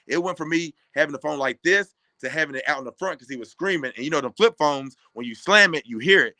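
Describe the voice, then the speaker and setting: A man in his thirties from Kentucky tells stories from his playing days in a bright, forceful voice. He acts out the people in them as he goes. The sound is close and dry, like a podcast studio. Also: fairly high pitch, fast talker, few pauses, no echo. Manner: animated, acts out other people's lines. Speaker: former college basketball player, guest. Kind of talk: casual storytelling.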